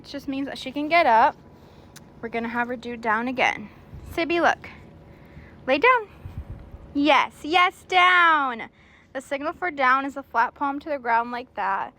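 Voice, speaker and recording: A woman dog trainer talks new owners through a puppy's routine in a friendly, explanatory way. Her voice sits a little high, and she drops in the odd "um" as she goes. A faint background hum runs under her speech. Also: a bit bright, low-quality recording. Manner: switches to a high, sing-song praise voice with the puppy. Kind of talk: instructional video for a puppy's owners.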